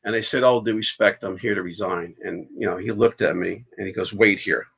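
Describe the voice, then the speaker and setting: A man, a podcast guest and fire chief, telling stories in a casual, animated way and swearing freely. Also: fairly low pitch, a little fast, gravelly, husky. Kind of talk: casual storytelling. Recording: dull lo-fi podcast audio.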